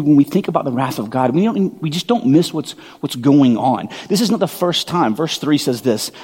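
Man, pastor, sermon, husky voice, long hall echo. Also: on the high side. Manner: conversational, animated storytelling with quick asides.

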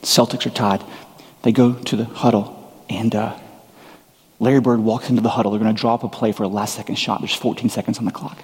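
A male pastor giving a sermon, shifting into casual, conversational storytelling with relaxed asides. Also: lowish voice, a little fast, long reverb tail.

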